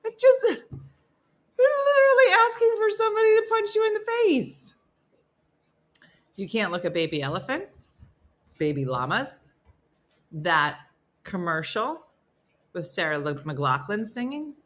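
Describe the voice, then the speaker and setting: A woman's voice: on the high side, big pitch swings, unhurried, pauses often. A middle-aged woman hosting a casual live stream, chatting and joking as she reads out viewer comments. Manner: chatty and jokey, talks to her dogs and to commenters. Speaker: host of a morning live stream.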